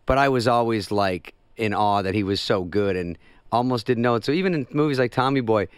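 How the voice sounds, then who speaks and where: A middle-aged male comedian telling anecdotes in a radio interview, deadpan and acting out what people said. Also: fairly low pitch, a little fast, clean tone, dry recording, studio quality. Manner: deadpan storytelling, acts out quotes. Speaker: comedian guest.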